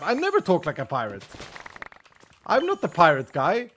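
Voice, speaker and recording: A man's voice: on the high side, huge pitch swings, brisk, fairly bright tone, slight background noise. A man chatting casually and tiredly to viewers while streaming a game, joking and thinking aloud. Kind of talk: casual gaming livestream chat.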